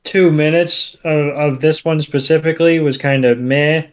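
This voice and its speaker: A man's voice: fairly high pitch, steady tone, normal speed. A man co-hosting a podcast, chatting casually with wry, joking remarks. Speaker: podcast co-host. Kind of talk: casual chat.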